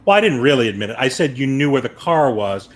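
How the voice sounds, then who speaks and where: A man hosting a casual chat show, telling a long story in a rambling way and acting out his own panicked shouts. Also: mid-range voice, sing-song, fast. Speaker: show host.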